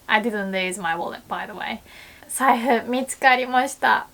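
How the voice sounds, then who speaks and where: A young woman with a Japanese accent gives a casual video lesson, her voice sitting a little high for a woman. She talks in an animated way and acts out small panicked exclamations as she goes. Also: normal speed. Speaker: Japanese language teacher.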